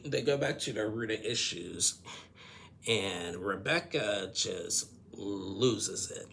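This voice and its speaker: Gravelly man, lively pitch, rambling judgmental recap vlogger. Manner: rambling, repeats words, judgmental asides. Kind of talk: casual episode recap.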